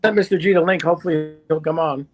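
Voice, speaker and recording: A man reads viewer comments aloud on a live stream, quick and offhand. His voice is high and he speaks very fast. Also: fairly even intonation, soft background music. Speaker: chat reader on a live stream.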